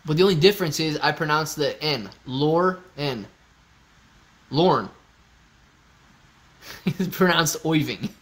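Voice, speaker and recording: Male streamer, slightly high pitch, casual and joking, reads chat aloud. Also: moderate pace, long pauses, a bit bright. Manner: joking, loose, talks to chat by name. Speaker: livestream host. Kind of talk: casual livestream chat reading comments. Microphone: phone used as webcam.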